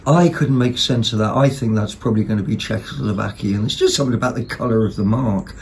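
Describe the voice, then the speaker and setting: A man hosting a vlog, chatting casually about second-hand finds in a rambling, excitable way, full of ums and self-corrections. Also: on the low side, fast, vocal fry, slight background noise. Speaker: vlog host.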